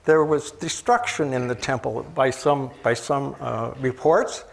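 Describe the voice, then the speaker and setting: A man preaching a sermon in a conversational way, asking the listeners questions and often pausing with fillers and restarts. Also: mid-range voice, creaky, a little hiss or hum.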